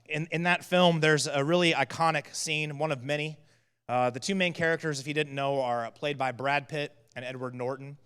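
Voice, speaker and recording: A man preaching to his church in an easy, conversational way, telling Bible stories with plenty of "uh"s. His voice is a little higher than most and sounds smooth and clear. The sound rings with the long reverb of a church hall. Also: a bit bright. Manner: conversational, casual storytelling with frequent fillers. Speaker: teaching pastor. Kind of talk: sermon.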